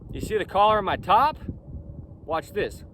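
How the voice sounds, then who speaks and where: A man's voice: high-pitched, very animated, normal speed, fairly bright tone. A company founder talking outdoors in a casual vlog, speaking emphatically and insistently while repeating his points. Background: faint wind and traffic noise.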